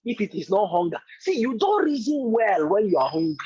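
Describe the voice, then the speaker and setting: A man's voice: high voice, big pitch swings, fairly quick, darkish tone, slightly rough, dry recording, muffled recording. A man giving an emphatic, repetitive motivational talk as a business coach in an online meeting.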